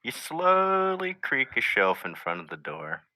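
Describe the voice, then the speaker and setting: A young man narrating as game master of a tabletop game, halting and restarting often as he describes scenes. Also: medium pitch, wildly swooping pitch, sharp tone, no room sound.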